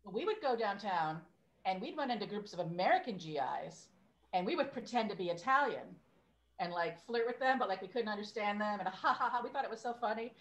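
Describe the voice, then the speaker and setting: A woman's voice: mid-range voice, lively intonation, brisk, poor audio. A woman in her fifties, a podcast guest, chatting casually and laughing at herself. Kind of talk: casual chat.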